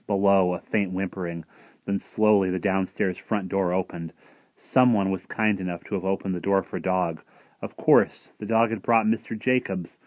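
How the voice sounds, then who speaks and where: A man giving an expressive, dramatic story reading that drops to a hush at dark moments. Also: low-pitched, no echo. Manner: expressive, dropping to hushed tones at dark moments. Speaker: reader. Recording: dull lo-fi dry recording.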